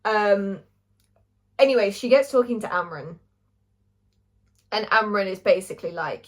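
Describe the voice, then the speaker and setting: A woman's voice: mid-range voice, a little slow, long pauses. Gushing young woman vlogger. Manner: gushing, animated, swears freely. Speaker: book reviewer. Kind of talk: casual chat.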